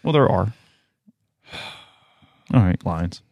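A man's voice: low-pitched, lively intonation, extremely slow, vocal fry, a little mellow, dry recording. Teasing man in casual sports chat. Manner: teasing, ribbing his co-host. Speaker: podcast co-host.

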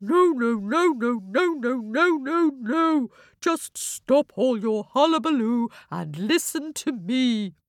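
A woman's voice: sits high, animated, takes it slowly, no echo, studio quality, voice pushed up. A woman doing a hooting wise old owl. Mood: stern. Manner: hooting, firm and stern.

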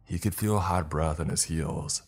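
A man reading a horror story aloud in a slow, measured storytelling voice. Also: sits low, husky. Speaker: narrator. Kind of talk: scripted horror narration.

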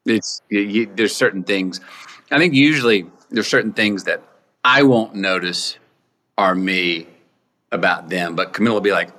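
A man talking as a podcast guest, answering in a reflective, measured way. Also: low voice, bright, forceful tone. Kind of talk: interview conversation.

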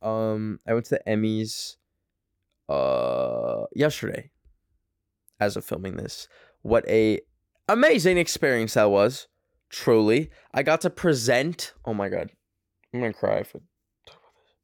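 A man's voice: on the low side, big pitch swings, a little slow, creaky, long pauses, smooth, dry recording, clean studio sound. A young man from Canada hosting his own podcast, talking in a loose, rambling monologue full of fillers and swearing, recorded in his small apartment bedroom. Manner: rambling, profane, heavy on fillers. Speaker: podcast host. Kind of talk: casual monologue.

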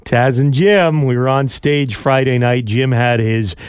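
A man's voice: medium pitch, unhurried, clean tone, dry recording. A man hosting a radio talk show, chatting casually with upbeat, joking banter. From Canada. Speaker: radio host. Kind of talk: casual chat.

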